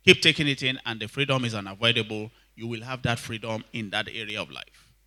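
A man preaching, his voice very bright and cutting. He drives points home by repeating lines and asking the congregation to answer back. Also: on the low side, fairly quick. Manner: emphatic, repeats lines, asks the congregation for responses. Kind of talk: sermon.

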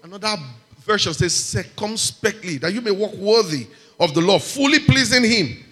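Man, preacher, high voice, animated sermon, shouted amens, long hall echo. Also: normal speed.

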